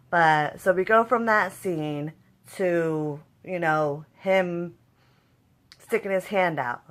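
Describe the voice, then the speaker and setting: Young woman doing a casual tv episode review, kinda low voice, gets really emotive acting out her reactions. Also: fairly bright tone. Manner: emotive, acts out her own reactions with rising voice.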